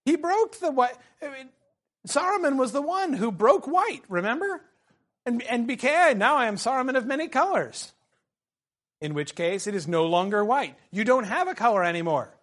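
A male teacher with a fairly high voice leads a seminar discussion. He is animated, works closely through the text and calls on students by name. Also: moderate pace. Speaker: teacher leading a literature discussion.

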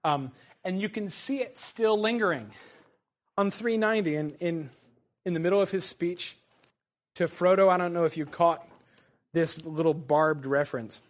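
A man's voice: high-pitched, moderate pace, pauses often. Chatty male lecturer with fillers. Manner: conversational, frequent fillers and restarts, reads quotes aloud. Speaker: literature lecturer. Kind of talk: casual lecture.

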